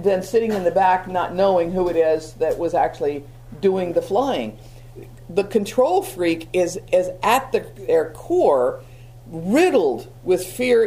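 A woman's voice: fairly low pitch, darkish tone, a little hiss or hum. A woman preaching a sermon in a conversational way, with frequent restarts and repeated words. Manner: many restarts, stammering repeats.

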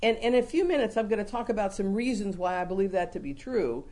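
A woman teaching a Bible lesson to a congregation in a conversational, lively way, often repeating words as she explains. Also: medium pitch, fast. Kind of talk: sermon-style Bible teaching.

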